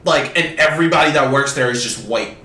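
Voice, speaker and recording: A man's voice: medium pitch, fairly quick, far from the mic. A man hosting a podcast, telling a story in casual chat with lots of swearing. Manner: animated, heavily profane storytelling. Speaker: podcast host. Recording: echoey room, off-mic.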